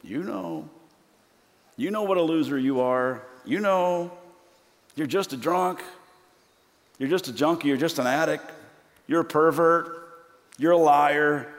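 A man's voice: a little high, unhurried, pauses often, voice pushed up. A man doing a taunting accuser spirit. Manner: taunting, rising insults. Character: sneering male accuser spirit, cruel. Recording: long hall reverb.

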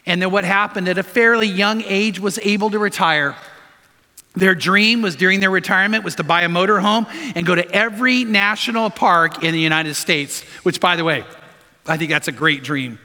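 A man's voice: high-pitched, normal speed, pushed and bright. A man preaching a sermon, telling stories with emphasis and putting rhetorical questions to the congregation. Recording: long reverb of a large hall.

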